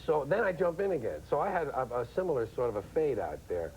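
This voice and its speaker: A middle-aged man, a comedian guest who chats wryly and lively, slipping into impressions. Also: fairly high pitch, fast, dull audio, slight background noise. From New York. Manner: wry, animated, slips into impressions. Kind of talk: casual chat.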